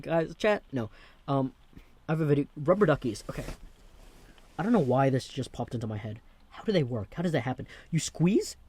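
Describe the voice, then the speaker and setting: A man's voice: medium pitch, warm tone. A young man hosting a rambling, jokey comedic monologue. He keeps interrupting himself and jumping between thoughts. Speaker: host.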